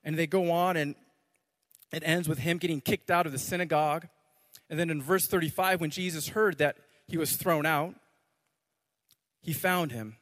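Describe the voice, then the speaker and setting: Pastor preaching in a reverberant church hall. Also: male voice, on the high side, steady tone, normal speed, pauses often, a bit bright. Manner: playful, joking asides then earnest prayer. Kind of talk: sermon.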